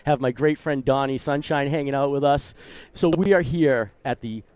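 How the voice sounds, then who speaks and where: A man's voice: medium pitch, normal speed, a little mellow, no echo. A man hosting a live poker tournament broadcast, upbeat and enthusiastic. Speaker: broadcast host.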